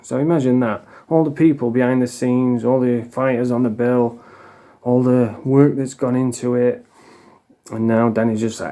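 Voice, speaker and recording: A man's voice: mid-range voice, normal speed, warm tone. Blunt sweary Yorkshire man ranting. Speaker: vlogger. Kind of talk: ranting monologue vlog.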